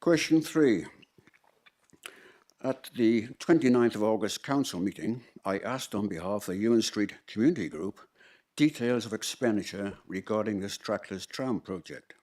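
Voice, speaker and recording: A man's voice: fairly low pitch, normal speed, a little mellow. A man from the public putting pointed, insistent questions to a council during question time. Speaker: member of the public asking questions.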